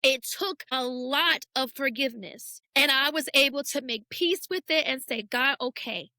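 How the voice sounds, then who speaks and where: A woman with a high, bright voice tells her story as a podcast guest. She speaks earnestly and circles back on key phrases for weight. The sound is close and dry. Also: normal speed, no echo. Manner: earnest, repeats phrases for emphasis. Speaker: podcast guest, church builder. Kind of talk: candid personal testimony in conversation.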